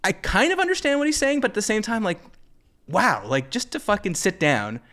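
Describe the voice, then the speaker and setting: A man hosting a casual movie podcast, talking in an animated, jokey way and acting out quotes. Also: high voice, fairly quick. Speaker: podcast host.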